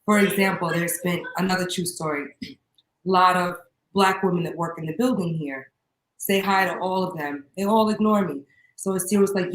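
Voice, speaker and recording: Female host, reflective anecdote teller, lowish pitch, echoey room. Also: moderate pace. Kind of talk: casual talk show chat. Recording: roomy echo.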